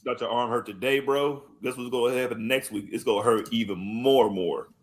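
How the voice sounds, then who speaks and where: A man's voice: medium pitch, moderate pace. A man co-hosting a podcast, joking and laughing through casual wrestling talk. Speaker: podcast co-host.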